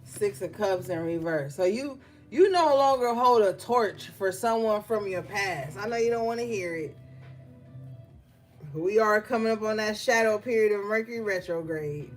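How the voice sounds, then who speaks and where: A woman's voice: mid-range voice, animated, moderate pace, faint music behind. A woman doing a casual tarot reading, blunt and profane, telling stories between the cards she draws. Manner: blunt, profane, conversational with slang. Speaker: tarot reader.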